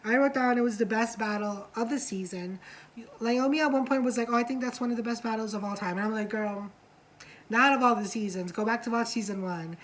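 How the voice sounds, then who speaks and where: A woman co-hosting a reality show review in casual chat, gossipy and quick to swear, acting out what the cast said. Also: fairly high pitch, slight background noise, poor audio. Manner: chatty, gossipy, swears freely, acts out quotes.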